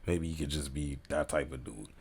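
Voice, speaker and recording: A man's voice: rumbling low, normal speed, a little mellow, breathy edge. A man hosting a casual reaction video, talking in a slangy, rambling, offhand way.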